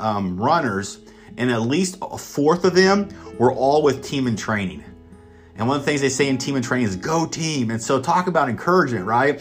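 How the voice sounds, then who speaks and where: A man from Kansas telling a motivational personal story in an enthusiastic, conversational way, with lots of fillers. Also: mid-range voice. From Kansas, United States. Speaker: speaker sharing his story.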